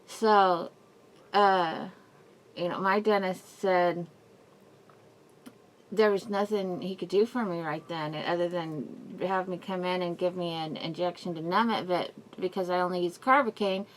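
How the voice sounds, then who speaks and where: A woman's voice: fairly low pitch, fairly even intonation, a little slow, a little hiss or hum. A woman vlogging a personal update, rambling and apologetic, in pain and near tears. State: in mouth pain, crying at times. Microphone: camera mic, wearing a face mask.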